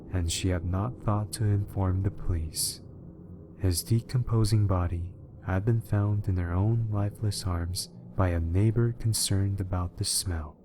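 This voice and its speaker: A man reading a horror story aloud as scripted narration, in a measured, even manner. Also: on the low side, background noise.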